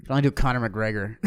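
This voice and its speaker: A man's voice: medium pitch, a bit bright, clean tone. A man from the United States co-hosting a podcast, joking and sarcastic, swearing often in casual banter. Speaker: podcast co-host.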